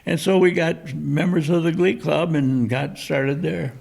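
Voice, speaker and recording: Gravelly older man, halting speech. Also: a little high, steady tone, a little mellow. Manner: halting, many fillers. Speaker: guest, theater co-founder. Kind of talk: casual chat.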